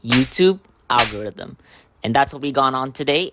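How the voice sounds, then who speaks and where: A man hosting a casual solo podcast, hoarse from a cold, rambling with lots of fillers and throat-clearing. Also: mid-range voice, lively intonation, normal speed, over loud music. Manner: rambling, full of "you know" and "um", throat-clearing. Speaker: podcast host.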